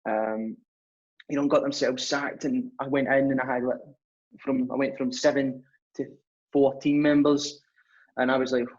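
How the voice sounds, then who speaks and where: A young man speaks as a podcast guest, telling his story in a loose, chatty way with plenty of restarts. His voice sits at an ordinary middle pitch. The recording sounds dull and a little muffled. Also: flat delivery, normal speed, long pauses, darkish tone. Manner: chatty, rambling, acts out dialogue. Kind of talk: casual storytelling.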